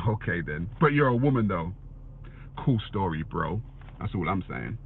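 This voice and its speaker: A man's voice: deep voice, sing-song, normal speed, creaky, a little hiss or hum. Blunt man on a tinny line. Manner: blunt, swears, repeats "you know what I'm saying". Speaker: commentator reading viewer comments. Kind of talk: casual opinion monologue. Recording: tinny phone-like dry sound.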